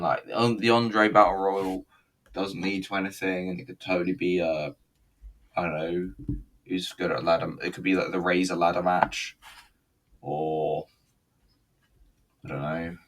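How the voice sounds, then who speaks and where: A man with a slightly low voice gives casual commentary while he watches and reviews a recorded show. He rambles, swears freely and keeps a sarcastic edge. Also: a bit bright. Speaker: wrestling reviewer.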